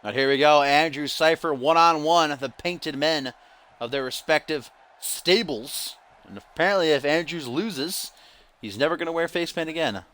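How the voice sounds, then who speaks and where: A man's voice: fairly high pitch, normal speed, fairly bright tone. A young man streaming, doing play-by-play commentary on a video game match and joking back and forth with his chat. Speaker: livestream commentator.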